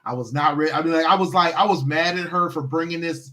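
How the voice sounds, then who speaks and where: A man's voice: a little high, fast talker, a bit bright. A man co-hosting a casual movie recap, agreeable and laughing often, repeating his points. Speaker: podcast co-host.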